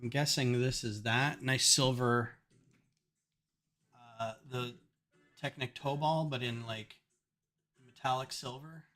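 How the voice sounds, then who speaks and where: Bright, forceful man on a casual build stream; chatty and wry, with faint music underneath. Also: mid-range voice, steady tone, slow, pauses often. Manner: chatty, wry storytelling between build remarks. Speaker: streamer building a brick set. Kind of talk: casual live-stream chat.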